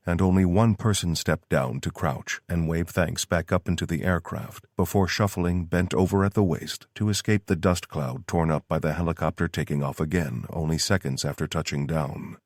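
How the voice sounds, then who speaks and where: A man reading an audiobook in steady, scripted narration. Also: low voice, dry recording, clean studio sound.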